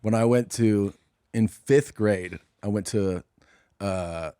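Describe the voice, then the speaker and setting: Excitable, laughing man from Minnesota. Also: takes it slowly, smooth, no echo, studio quality. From Minnesota, USA. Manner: excitable, laughs often, jumps high in pitch when amused. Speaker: podcast co-host. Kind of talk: casual comedic storytelling.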